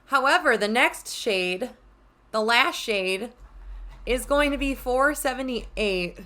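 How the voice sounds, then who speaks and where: Young woman, beauty vlogger, chatty and gushing, fairly high pitch. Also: animated, slow, bright, forceful tone. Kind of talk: casual makeup vlog chat.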